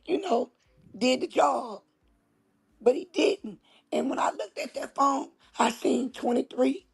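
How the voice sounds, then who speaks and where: A woman's voice: sits high, vocal fry, breathy edge. A woman host, telling a story in casual chat, with emphatic, dramatic repetition. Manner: emphatic, dramatic retelling with repeated phrases.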